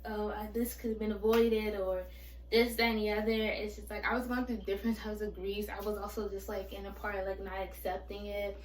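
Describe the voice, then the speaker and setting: A woman's voice: medium pitch, flat delivery, brisk, far from the mic. A young woman in her twenties talks candidly to camera, with lots of fillers and restarts. Her voice sits a little back from the mic in an echoey room, with faint ambient noise behind it. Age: 20s. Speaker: vlogger. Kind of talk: personal storytime vlog.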